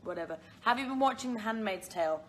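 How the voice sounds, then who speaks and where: Animated and a bit bright, her mid-range voice moves fast. She's a young woman with a British accent hosting a casual phone live stream, answering viewers' questions while rambling, giggling, and using lots of fillers.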